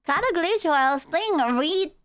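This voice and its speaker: A woman's voice: very high-pitched, lively intonation, a little fast, fairly bright tone. A young woman live streamer chatting casually with her viewers, rambling and giggly. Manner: rambling, giggly, talks to chat.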